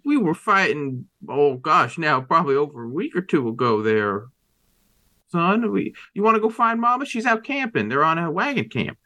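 A man's voice: a little high, very animated, normal speed, sharp tone. A man voicing a frantic frontier father who coaxes and pleads in a folksy way with his armed young son. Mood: pleading.

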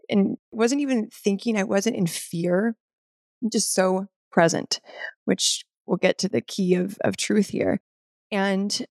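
A woman's voice: medium pitch, no room sound, clean studio sound. A woman guest telling an earnest, spiritual personal story in conversation, full of "like" fillers. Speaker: podcast guest.

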